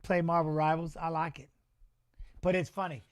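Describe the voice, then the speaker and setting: Middle-aged man, high voice, loose animated storyteller, dry studio sound, casual swearing host. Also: moderate pace, clean tone, no room sound. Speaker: watch-along host and former fighter. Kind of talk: casual chat reading live chat.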